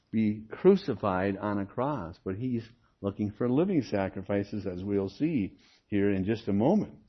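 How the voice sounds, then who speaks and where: An older man preaching an expository sermon, teaching in an animated way with rhetorical questions and occasional comic asides. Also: fairly high pitch. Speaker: pastor. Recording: dull lo-fi sermon recording.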